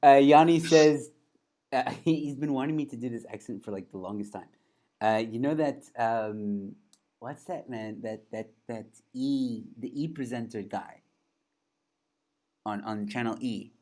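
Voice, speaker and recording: A man's voice: mid-range voice, a little slow, dark tone. A man hosting a casual chat, self-mocking and giggly as he attempts voices. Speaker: comedian host. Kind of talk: casual chat doing impressions.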